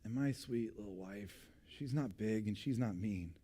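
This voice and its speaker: A man's voice: lowish voice, a little slow. A man in his twenties, a pastor, telling a personal story in a sermon and acting out the voices of the people in it. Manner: animated storyteller, acting out voices, drops to a hushed tone for suspense.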